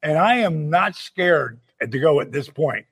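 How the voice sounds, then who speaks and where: A man with a husky, rather high voice tells a story on a podcast. He is animated and playful, acting out the other people in the story and breaking into laughter as he goes. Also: measured pace. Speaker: podcast host. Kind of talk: casual storytelling chat.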